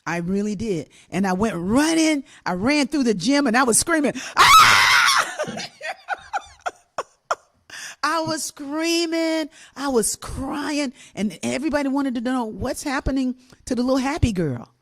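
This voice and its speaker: An older woman telling a childhood story on a talk show, animated and laughing, acting out the voices of the people in it. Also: sits high, moderate pace, hardly any pauses. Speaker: co-host and musician.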